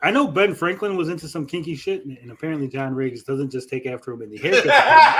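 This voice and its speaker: A man's voice: a little high, a bit bright, breathy edge. A man hosting a stream, cursing and mocking the video with his co-hosts. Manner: profane, mocking. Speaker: stream host. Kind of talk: crude casual banter.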